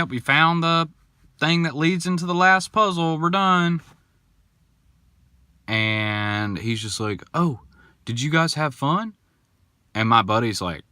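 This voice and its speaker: A young man hosting a podcast, telling a story in a casual, animated and indignant way, acting out the people in it. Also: mid-range voice, smooth, no echo. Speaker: podcast host.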